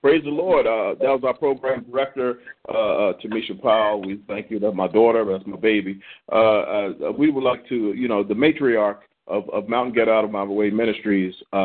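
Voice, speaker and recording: Older male church elder, exhorting, a bit husky, heard over the phone. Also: fairly low pitch. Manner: exhorting, repeats words while searching. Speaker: elder leading a ministry prayer call. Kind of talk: encouraging church talk. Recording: tinny phone line.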